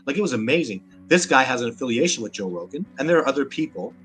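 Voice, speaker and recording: A Sasquatch researcher with a Canadian accent, guesting on an interview, speaks quickly and very animatedly at medium pitch with a slightly bright sound. He's emphatic and combative, often repeating himself as he works up steam.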